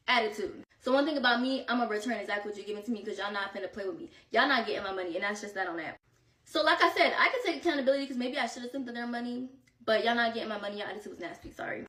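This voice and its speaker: A young woman telling a story in a casual storytime vlog, animated and exasperated as she recounts it. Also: fairly high pitch, a little fast. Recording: echoey room, far from the mic.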